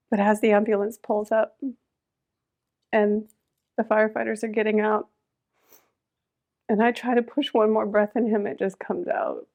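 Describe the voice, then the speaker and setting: Middle-aged woman, podcast guest, personal storytelling, gravelly fry, emotional, loud then hushed. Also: fairly high pitch. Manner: emotional, swinging between loud urgency and hushed quiet.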